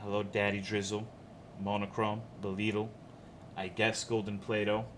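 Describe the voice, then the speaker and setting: Relaxed, foul-mouthed male streamer. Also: lowish voice, moderate pace, background noise. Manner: laid-back, profane, reads viewer names in a run. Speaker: streamer greeting chat. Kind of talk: casual live-stream chat.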